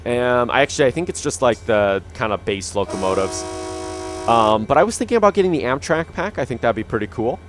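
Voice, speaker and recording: A young gaming channel host gives casual, rambling commentary on his own gameplay into a dynamic studio mic, full of fillers and restarts. His mid-range voice is animated and brisk.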